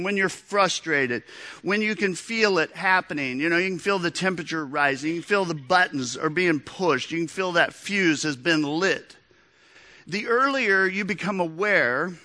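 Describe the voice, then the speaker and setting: A man, a pastor, giving a sermon and telling a personal story in an animated, humorous way. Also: medium pitch.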